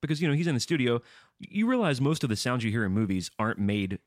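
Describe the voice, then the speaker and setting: A man's voice: mid-range voice, very animated, quick pace, no room sound, studio quality. A man co-hosting a podcast in casual chat, rambling through stories and swearing freely. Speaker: podcast co-host.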